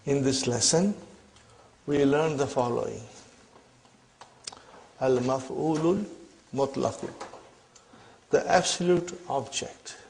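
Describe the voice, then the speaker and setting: Guy teaching arabic grammar, super slow, raspy fry in his voice, keeps checking you follow. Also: medium pitch, darkish tone, slight background noise. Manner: repeats questions, checks understanding, says "huh?" often. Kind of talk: classroom lesson explanation.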